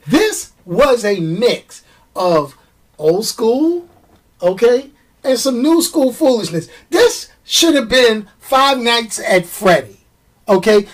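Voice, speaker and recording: Slow, ranting middle-aged woman film host. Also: on the high side, recorded from a distance. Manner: animated, slangy, stretches words for emphasis. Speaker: movie show host.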